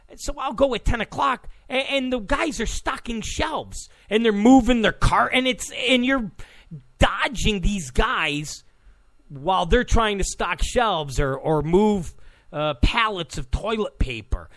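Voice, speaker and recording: A talk show host in his own voice, rambling bluntly through a monologue with stammered restarts. His voice sits fairly high with a gravelly fry and swings widely in pitch. The sound is close and dry. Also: expressive, unhurried, a bit bright, dry recording. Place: Los Angeles studio.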